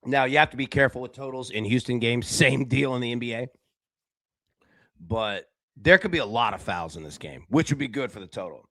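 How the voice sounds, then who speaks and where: In a room with a window, a man of middle pitch hosts a casual, lively live betting show on sports, speaking briskly. He calls chat viewers by name, going from noisy excited outbursts to hushed low remarks. The audio is dry and close-miked, with hardly any echo.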